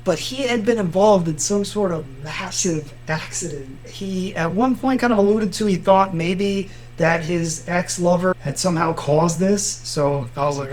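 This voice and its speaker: A man's voice: high voice, normal speed, few pauses, poor audio. A man with a Miami accent, a lawyer and podcast co-host, telling courtroom stories in a casual chat. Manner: animated storyteller, acts out quotes.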